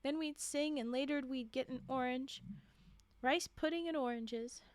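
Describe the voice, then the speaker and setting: A woman voicing a gentle, tearful middle-aged mother in a read-aloud holiday story, speaking softly and from the heart. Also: high voice, unhurried, dry recording. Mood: tender.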